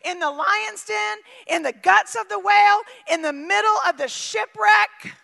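Woman, preacher, sermon, very high voice, gravelly, emphatic, long hall reverb. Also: measured pace. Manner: emphatic, swings from shouting to near-quiet.

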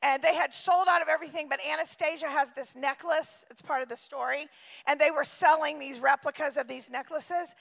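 A woman's voice: sits high, steady tone, brisk, gravelly, fairly bright tone, big-room sound. A woman pastor preaching a sermon, emphatic and repeating her phrases for effect, often slipping into acted-out quotes and asides.

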